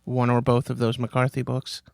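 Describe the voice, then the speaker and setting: A man co-hosting a comedy podcast, relaxed and casual, delivering profane mock insults. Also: medium pitch, moderate pace, vocal fry, clean tone, dry recording, clean studio sound. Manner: laid-back, profane mock threats. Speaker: podcast co-host. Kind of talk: crude comedic banter.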